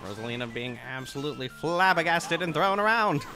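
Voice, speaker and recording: Guy calling a fighting game match, old-timey announcer voice, a bit high, music playing under him. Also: animated, brisk. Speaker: esports commentator. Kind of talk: play-by-play commentary.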